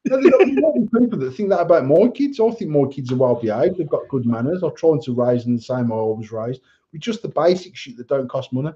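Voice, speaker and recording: A man's voice: medium pitch, expressive, fast, mellow. A man co-hosting a podcast, ranting bluntly in casual chat and swearing a lot. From England. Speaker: podcast co-host. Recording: dull lo-fi sound.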